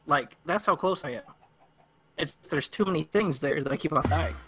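A man with a high, bright voice talking over voice chat while gaming. He explains his plans eagerly and breaks into laughter often. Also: moderate pace, slightly rough. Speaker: gamer.

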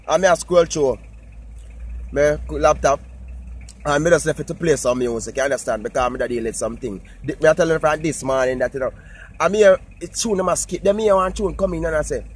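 A man with a Jamaican accent talking casually to his viewers in patois, animated and repetitive. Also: fairly high pitch, a little fast, slightly rough. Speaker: vlogger. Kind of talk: casual talk to camera.

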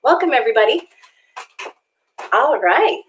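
Woman, high voice, kids' singalong host, encouraging, singing at home. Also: big pitch swings, a little slow, slight background noise. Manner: bright, encouraging, sings along. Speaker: children's music co-host. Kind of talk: children's livestream hosting and singing.

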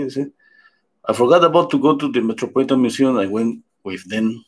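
A man's voice: mid-range voice, fairly quick. A man in his fifties, a painting instructor, telling a casual anecdote in a rambling way with many restarts and self-corrections.

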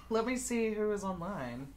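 A woman's voice: mid-range voice, sing-song, a little slow, a little mellow, slight background noise. A woman co-hosting a live game stream, chatting casually and rambling with lots of fillers. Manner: rambling, many "like" fillers, laughs often. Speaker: co-host of a board game stream.

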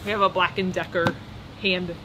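A woman's voice: lowish voice, little pitch movement, normal speed. A woman co-hosting a casual unboxing, making dry, laughing asides. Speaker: co-host and reseller. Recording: background noise.

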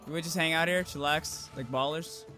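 A man hosting a let's-play, excitable and foul-mouthed, yelling at the game as he plays. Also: on the high side, normal speed. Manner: excitable, swears a lot, yells at the game. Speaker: gaming channel host. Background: game music.

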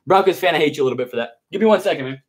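A man's voice: a little high, animated, very fast. A man streaming live, chatting casually with his viewers. He is laid-back and slangy, calls everyone bro and dude, and turns nervous and coaxing while he handles a big snake.

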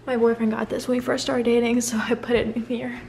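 A woman's voice: fairly high pitch, little pitch movement, fast talker, vocal fry, darkish tone, a little hiss or hum. Bubbly young woman touring her apartment. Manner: chatty and bubbly, rambling asides. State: slightly out of breath. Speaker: vlogger. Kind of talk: casual apartment tour. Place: small apartment indoors.

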